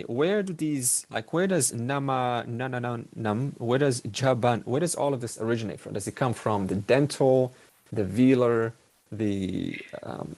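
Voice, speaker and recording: A man's voice: medium pitch, a little mellow, no echo. A man teaching a Sanskrit class online, explaining step by step and repeating key words with many fillers.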